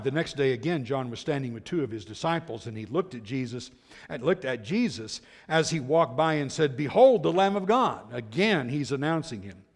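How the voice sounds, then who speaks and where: A male pastor preaches in an animated way, rising to loud emphasis and then dropping to near-hushed remarks. His voice is somewhat high and gravelly, and a long reverb trails each phrase as in a large hall. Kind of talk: sermon.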